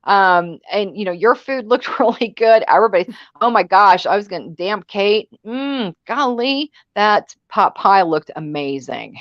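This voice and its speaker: A woman's voice: mid-range voice, expressive, a little slow, hardly any pauses, no echo. Bossy blunt woman ranting on a live panel, muffled lo-fi stream sound. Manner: blunt, bossy and name-calling. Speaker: panel co-host. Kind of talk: casual livestream chat. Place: online livestream panel.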